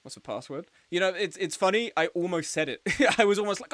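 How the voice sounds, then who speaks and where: Young guy commentating a live game match, kinda high voice, joking around. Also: expressive, brisk, a bit bright, no room sound. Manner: chatty and joking, with frequent laughs. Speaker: game tournament commentator and streamer.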